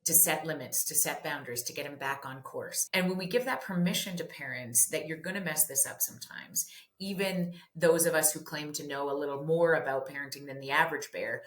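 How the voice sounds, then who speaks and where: A woman in her forties with a low voice talks candidly and animatedly about parenting, dropping casual swears. The recording has a roomy echo around her. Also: fairly quick, fairly bright tone. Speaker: parenting author and therapist. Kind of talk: candid podcast conversation.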